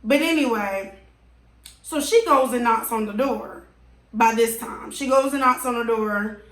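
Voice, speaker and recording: High-voiced woman telling an exasperated story. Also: a little slow, fairly bright tone. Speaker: vlogger. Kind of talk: storytime vlog. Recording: roomy echo.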